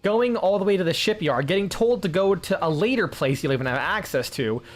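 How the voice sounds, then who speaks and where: A man's voice: high voice, expressive, a little fast. A man casually commenting while playing a game on stream, rambling with lots of filler words and frequent swearing.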